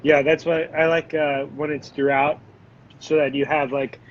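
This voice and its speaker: A man's voice: on the high side, flat delivery, normal speed, slight background noise. A man hosting a live chocolate tasting on a video call, greeting viewers and reading out their comments. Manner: reads out viewers' comments, friendly and encouraging. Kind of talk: casual live-stream chat. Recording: dull lo-fi live-stream audio.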